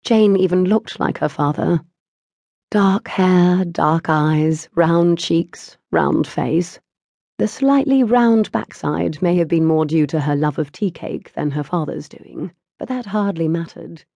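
Woman reading an audiobook, low warm breathy voice, dry close sound, wry and measured. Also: no room sound. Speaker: audiobook narrator. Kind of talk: scripted narration of a historical romance.

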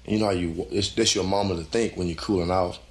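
Animated man telling a testimony. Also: quick pace. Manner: animated storytelling, acting out his own inner voice in a higher, louder tone; folksy, loose conversational phrasing. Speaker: preacher giving testimony. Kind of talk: live spoken testimony.

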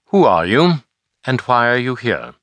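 A male audiobook narrator voicing a calm medieval lord who gives orders in a low, quiet voice. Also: a little slow, no echo. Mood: commanding.

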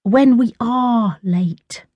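Brief: sullen defiant teen girl, read by a woman narrator, high and whiny. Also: very animated, normal speed, warm tone, no echo, muffled recording. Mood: sulky. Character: sulky defiant teenage schoolgirl.

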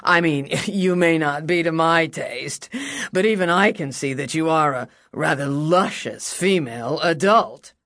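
Flamboyant male defense lawyer, put on by a woman narrator; slow, silky, mocking drawl, dry close sound. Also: deep voice, a bit bright, no echo. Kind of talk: audiobook character voice.

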